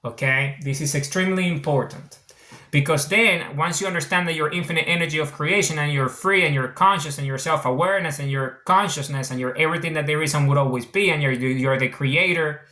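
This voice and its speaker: A man's voice: on the high side, brisk, pushed and bright, echoey room. A man from Venezuela with a mixed international accent, an author talking casually about his book, earnest and repeating his points. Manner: earnest, repetitive, circles back on his points. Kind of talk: casual explanatory monologue.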